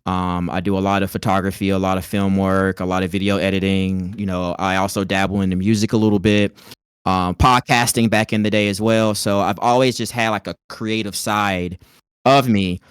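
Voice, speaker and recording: Southern guy w a light twang, kinda low smooth voice, easygoing rambly chat, dry close sound. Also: flat delivery, normal speed, dry recording. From North Carolina. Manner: laid-back, chatty, lots of fillers. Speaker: podcast guest, content creator. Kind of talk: casual interview chat.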